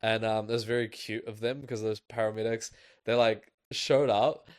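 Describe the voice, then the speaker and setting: A man's voice: lowish voice, steady tone, normal speed, clean tone, dry recording. A young man hosting a podcast, telling a personal story in a loose, casual way with lots of fillers. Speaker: podcast host.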